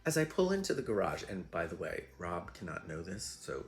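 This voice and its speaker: A man's voice: low voice, very animated, a little fast. A man hosting his own show, telling rambling, self-deprecating stories in a chatty way with lots of fillers. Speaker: host. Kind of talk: casual storytelling monologue.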